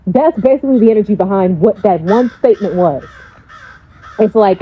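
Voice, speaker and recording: A woman's voice: mid-range voice, animated, fast talker, dull audio, slight background noise. A woman coach speaking in a casual, blunt storytelling style, swearing freely.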